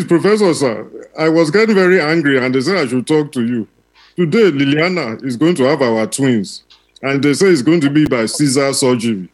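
A man playing an anxious, excitable expectant father with a Nigerian accent, pleading in broken English. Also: fairly high pitch, poor audio.

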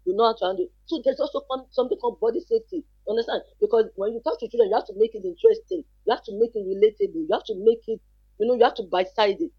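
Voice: medium pitch, sing-song, very fast, creaky, breathy edge, no room sound, dull audio. A child protection advocate who gives earnest advice as a talk show guest, repeating key points and asking rhetorical questions.

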